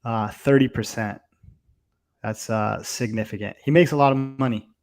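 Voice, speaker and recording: Speaking at normal speed with a medium pitch, this young man has a darkish tone and fairly even intonation. He's co-hosting a fight watch-along, chatting loosely as casual live commentary, swearing freely and leaning on lots of fillers.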